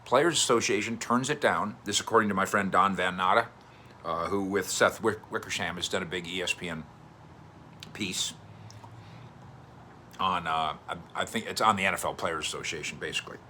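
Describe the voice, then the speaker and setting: A man in his fifties, a sports columnist, telling a story in a chatty, animated way to camera. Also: low-pitched, moderate pace, slight background noise. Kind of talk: casual commentary to camera.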